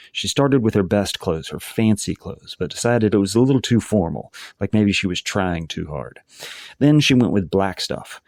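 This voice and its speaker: A man, the author, reading his own novel aloud in a casual, relaxed storytelling manner. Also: fairly low pitch, gravelly, no room sound, studio quality.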